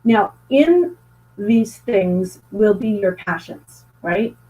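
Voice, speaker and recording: A woman's voice: medium pitch, expressive, takes it slowly, dark tone. Earnest woman guest on a muffled call. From Canada. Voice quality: earnest, repeats and restarts words. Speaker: guest author and speaker. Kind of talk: conversational interview storytelling.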